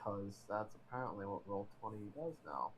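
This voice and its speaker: A man's voice: on the low side, lively intonation, normal speed, a little hiss or hum, low-quality recording. A man chatting casually as a tabletop game player, exasperated and joking. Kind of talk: casual chat.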